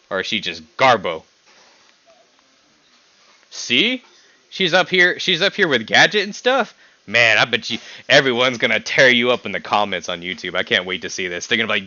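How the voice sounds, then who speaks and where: A young man hosting a casual podcast stream, teasing his guest and laughing often as his voice jumps up when excited. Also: lowish voice, normal speed, pauses often, no room sound, lo-fi sound. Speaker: podcast host. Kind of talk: casual chat ranking characters with a guest.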